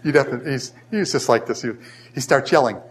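An older man teaching a casual Bible lesson, asking the class questions and telling stories with animated energy. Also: medium pitch, a little fast.

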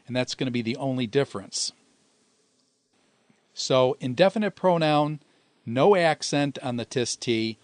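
A man giving a recorded grammar lesson, explaining patiently and slowing down to spell out word forms. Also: medium pitch, no echo. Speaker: Greek teacher.

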